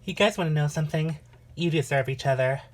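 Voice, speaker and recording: A woman's voice: deep voice, quick pace, close to an everyday voice, low-quality recording. A woman voicing a proud, sarcastic teenage girl in an amateur voice drama. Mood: angry. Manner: cutting, sarcastic. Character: proud, sharp-tongued teen girl.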